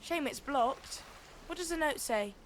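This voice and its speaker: A woman's voice: sits high, expressive, unhurried, slight background noise. An actress playing a sarcastic, scheming female pirate captain. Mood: dry. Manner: sarcastic, coaxing and bossy. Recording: game audio with faint music behind.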